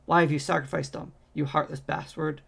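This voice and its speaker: A man reading the lines of an indignant male battle mage, shouting accusations in outrage. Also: fairly high pitch, little pitch movement, a little fast, gravelly, breathy edge, heavily acted. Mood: outraged.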